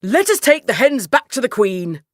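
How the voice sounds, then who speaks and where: A jolly storybook king voiced by a woman, slightly high and full of lively swoops, unhurried and grand. Every line lands with hearty emphasis. The voice sits dry and close to the mic. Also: no echo. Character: jolly, generous old king, grand and eager. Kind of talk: storybook character voice.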